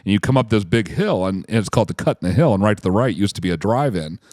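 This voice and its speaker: A man's voice: on the low side, animated, fast, a little mellow, no room sound, clean studio sound. A man in his forties co-hosting a casual podcast, telling rambling stories and laughing at himself. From United States. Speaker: podcast co-host.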